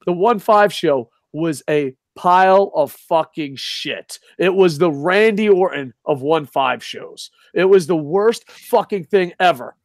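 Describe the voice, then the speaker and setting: A man's voice: fairly high pitch, expressive, a little slow, hardly any pauses, no room sound. A man co-hosting a casual wrestling talk show, ranting in a heated, profane way. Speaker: podcast co-host.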